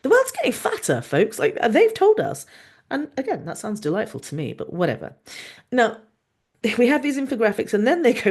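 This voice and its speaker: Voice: medium pitch, moderate pace, husky. A podcast host and doctor giving a passionate, sarcastic monologue over a video call recording. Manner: sarcastic, mocking, animated.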